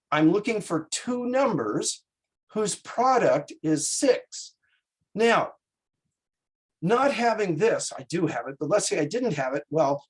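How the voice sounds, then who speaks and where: A math instructor talks through a classroom lecture at an unhurried pace. The voice is a little husky and breathy, and the delivery is folksy, with frequent check-ins with the class and small jokes. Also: medium pitch, poor audio.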